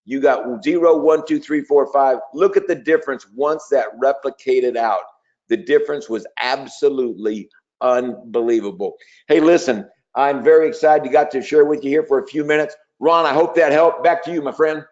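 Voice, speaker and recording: A man coaching new recruits in a webinar, persuasive and energetic, at times role-playing a conversation. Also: mid-range voice, moderate pace. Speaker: sales trainer. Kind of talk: webinar training talk with role-play. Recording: dull lo-fi webinar audio.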